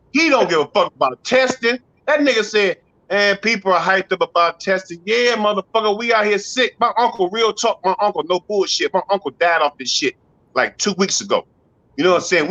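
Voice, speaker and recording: Rowdy high-voiced stand-up comedian. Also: male voice, dry recording, highs cut off. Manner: loud, rowdy, slangy delivery with acted-out voices. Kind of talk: profane stand-up routine. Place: comedy club.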